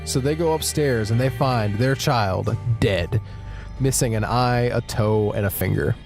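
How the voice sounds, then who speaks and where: A man hosting a podcast, telling a creepy story in a wry, animated way. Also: medium pitch, a little slow, creaky, faint music behind. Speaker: podcast host. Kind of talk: casual storytelling.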